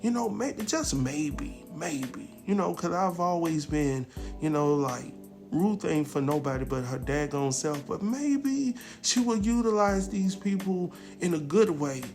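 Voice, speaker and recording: A man recaps a drama episode in a loose, slangy way, jumping into the characters' lines as he goes. His voice sits a bit high for a man. Faint music plays underneath. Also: measured pace. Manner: animated storyteller, acts out quotes, slangy. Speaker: TV recap host. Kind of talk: casual recap commentary.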